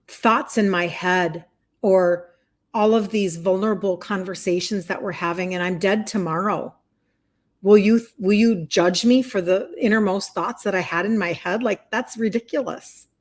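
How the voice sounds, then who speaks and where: A woman in her fifties, a health and wellness coach, chatting heartfelt and open on a livestream and reading viewer comments. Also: mid-range voice. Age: 50s.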